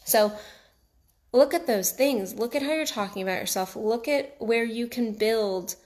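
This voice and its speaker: A woman's voice: a little high, measured pace, darkish tone. A woman coach with a mixed New York and Texas accent, giving a blunt, casual motivational talk straight to her viewers. She swears freely and repeats lines for emphasis. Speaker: sex and relationship coach. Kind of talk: motivational direct-to-camera talk.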